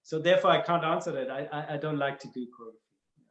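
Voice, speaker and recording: A man's voice: fairly high pitch, quick pace, fairly bright tone, lo-fi sound. Playful German man laughing often. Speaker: guest. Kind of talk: casual interview. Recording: echoey room with faint noise.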